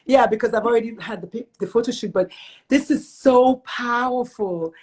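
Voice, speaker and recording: Brief: gushing woman host on a video call, husky, highish voice. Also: moderate pace, a little mellow. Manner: effusive, gushing and emphatic. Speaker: talk show host. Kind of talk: online interview show.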